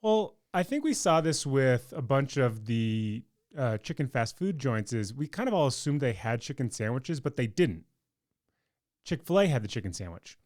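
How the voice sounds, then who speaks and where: A man's voice: medium pitch, very animated, normal speed, a little mellow. A man co-hosting a podcast, reading news items aloud and trading wry, teasing jokes in casual chat. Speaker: podcast co-host.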